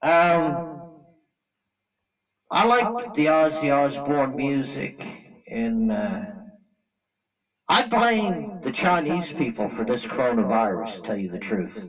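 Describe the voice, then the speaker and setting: A man's voice: medium pitch, big pitch swings, slow, long pauses, recorded from a distance, dull audio. A man from Canada giving a blunt, angry opinion rant to camera, talking in a colloquial, repetitive way. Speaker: vlogger.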